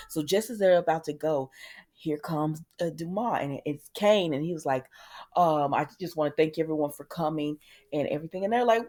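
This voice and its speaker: Woman, soap recap host, casual chat, lower voice, acts out quotes. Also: moderate pace. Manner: chatty and animated, acts out quotes, many ums.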